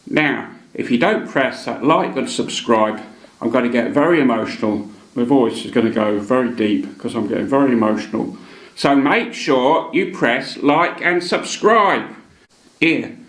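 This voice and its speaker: Man doing a drawling veteran English film star, slow and deliberate, roomy sound. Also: medium pitch, animated. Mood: deadpan. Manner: slow deliberate delivery, mock-emotional. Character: impression of a famous older English actor, male, laconic. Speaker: channel host doing an impression. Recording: echoey room.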